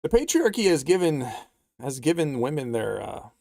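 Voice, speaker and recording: A man hosting a livestream, his voice pitched a touch high and roughened by a gravelly creak. He rambles sarcastically, firing off strings of mock-anxious questions. The sound is dry and close, with no room around it. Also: very animated, moderate pace, darkish tone, dry recording. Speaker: livestream host. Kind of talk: livestream commentary reading chat.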